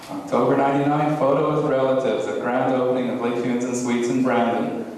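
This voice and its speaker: A man's voice: medium pitch, fairly even intonation, fast, a little mellow, slight background noise. A man narrating a family slideshow at his parents' anniversary party in a plain, matter-of-fact way. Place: hotel banquet hall. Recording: echoey banquet hall from far off.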